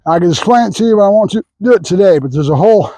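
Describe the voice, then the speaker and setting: High-voiced dog trainer explaining outdoors. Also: male voice, expressive, fast talker, dark tone, no echo, rough recording. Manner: praises dog in high sing-song bursts, explains plainly. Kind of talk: casual training demonstration.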